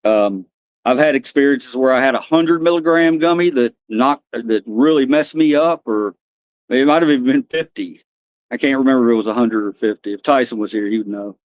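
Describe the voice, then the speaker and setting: A medium-pitched American man speaks briskly as he hosts a livestream, wandering from topic to topic and answering viewers by name from the chat. The audio is dry and dull.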